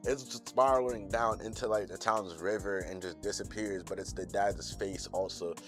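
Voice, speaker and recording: Young male host, deep low voice, loose profane slangy recap delivery. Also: steady tone, normal speed, a bit bright, faint music behind. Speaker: channel host recapping an anime episode. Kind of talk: casual recap commentary.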